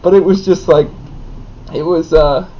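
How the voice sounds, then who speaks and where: A young married man, the son of his co-host, telling a story in an animated way with lots of "like". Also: fairly high pitch, measured pace. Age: young adult. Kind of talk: casual storytelling. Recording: dull lo-fi with faint noise.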